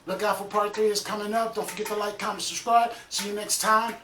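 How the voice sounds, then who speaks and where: A man's voice: high voice, flat delivery, a little fast, sharp tone, a little hiss or hum. A man hosting a reaction video, giving laid-back, slangy commentary. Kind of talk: casual chat. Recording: echoey room, distant mic.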